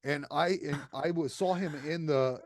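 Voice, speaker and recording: Man, casual podcast chat, profane, heated, slightly high voice, dry sound. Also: unhurried, dry recording. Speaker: podcast co-host.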